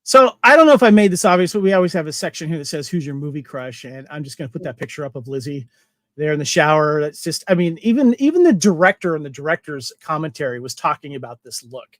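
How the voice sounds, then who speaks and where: A man's voice: a little high, lively intonation, fast, a bit bright, no echo. A man hosting a casual movie podcast, chatting and reading out trivia with frequent laughs. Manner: chatty, reads trivia and quotes aloud, laughs often. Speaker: podcast host.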